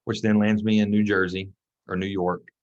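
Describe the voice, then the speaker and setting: Man telling stories, low dull audio. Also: moderate pace. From Mississippi. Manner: animated storytelling, acts out quoted voices. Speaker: guest, track and football coach. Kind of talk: casual storytelling interview.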